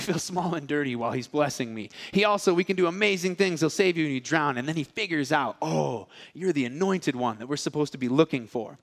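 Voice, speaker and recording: Animated man preaching with lively stories. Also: a little high. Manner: animated, acts out characters' lines; casual, joking asides. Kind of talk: storytelling sermon.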